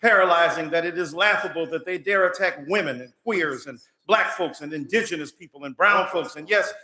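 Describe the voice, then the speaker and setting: A man's voice: on the high side, a little fast, sharp tone. Resonant man preaching a fiery prayer. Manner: rhythmic preacher's cadence, building repetitions. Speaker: guest chaplain. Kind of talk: oratorical prayer. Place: large legislative chamber. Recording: echoey chamber through PA.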